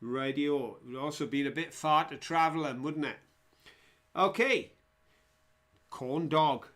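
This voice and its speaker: A man's voice: a little high, a little slow, a bit bright. A man hosting a live online quiz, chatty and jokey as he reads out viewers' answers. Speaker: quiz host.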